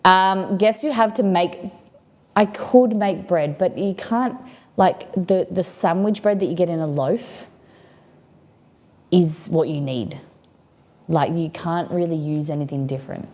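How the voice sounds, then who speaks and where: A woman's voice: lowish voice, measured pace, a little mellow. Chatty Australian woman hosting a stream. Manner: rambling and chatty, reads viewer comments aloud. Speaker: cooking stream host. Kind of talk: casual livestream chat. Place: home kitchen.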